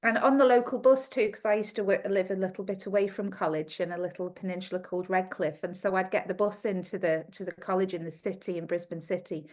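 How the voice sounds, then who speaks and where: A middle-aged woman with an Australian accent, a guest on a podcast, telling a personal story in an animated way. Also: medium pitch, fast, hardly any pauses. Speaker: guest naturopath.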